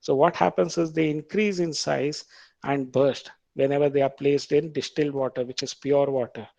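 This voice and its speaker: A man with an Indian English accent lecturing on biology, reading quiz questions aloud, repeating them slowly and explaining the answers patiently. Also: a little high, steady tone, vocal fry, darkish tone, no echo, highs cut off. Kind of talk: quiz-style classroom lecture.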